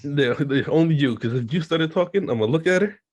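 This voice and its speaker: Husky laid-back man. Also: a little high, animated, fast talker, darkish tone. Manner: laid-back, laughs often, joking. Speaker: podcast co-host. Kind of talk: casual movie chat.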